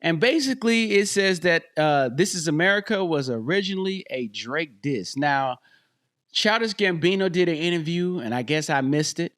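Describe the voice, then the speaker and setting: A man hosting a podcast in casual commentary, animated and emphatic, with slangy talk and repeated phrases, into a podcast microphone. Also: fairly high pitch, normal speed. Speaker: podcast host. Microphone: dynamic USB podcast microphone.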